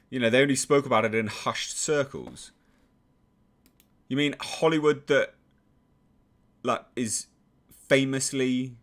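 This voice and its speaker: Speaking at medium pitch with a fairly bright tone, a man with an English accent gives sarcastic, casual YouTube commentary, exasperated and swearing without restraint.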